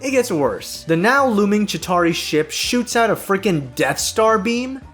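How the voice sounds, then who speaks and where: Guy hosting a movie recap, kinda high voice, bouncy, sarcastic and swears a lot. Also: very animated, a little slow, fairly bright tone, faint music behind. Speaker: video essay host. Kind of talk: casual film recap commentary.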